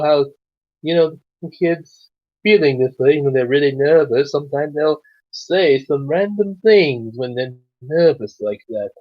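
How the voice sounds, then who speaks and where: A man's voice: fairly high pitch, dull audio. A man reading a story aloud and breaking off for rambling, chatty asides. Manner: rambling asides, many "you know"s. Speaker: storyteller and host. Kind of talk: casual story reading with commentary.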